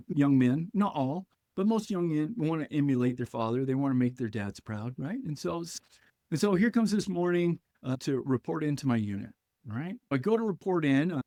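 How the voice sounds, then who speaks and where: A man's voice: a little high, animated, moderate pace, warm tone, dry recording, studio quality. A man telling stories from his time as a young Marine in a podcast conversation, acting out the officers and his younger self. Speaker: podcast guest, former Marine. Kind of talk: storytelling in conversation.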